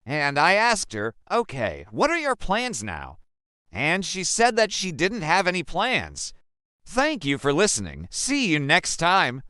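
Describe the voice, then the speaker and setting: A young man from Africa tells a personal story in a high, bright voice that swings widely in pitch. He speaks slowly and with emphasis. The sound is dry and close. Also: wildly swooping pitch, no echo. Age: young adult. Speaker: narrator.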